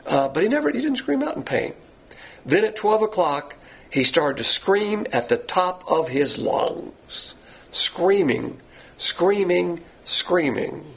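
A man's voice: high-pitched, sing-song, takes it slowly, gravelly, breathy edge. A man preaching a sermon with an emphatic, repetitive delivery that rises and falls.

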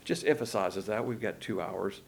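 A man's voice: lowish voice, normal speed, vocal fry, a little hiss or hum. A man giving an emphatic Bible lesson in sermon style, often repeating key words and stopping to restart his sentences. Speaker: Bible teacher.

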